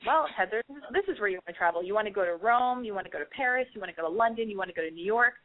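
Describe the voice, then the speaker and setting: A woman's voice: medium pitch, lively intonation, very fast. A woman hosting a casual advice call, giving a rambling, profane, emphatic pep talk. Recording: tinny phone-line sound.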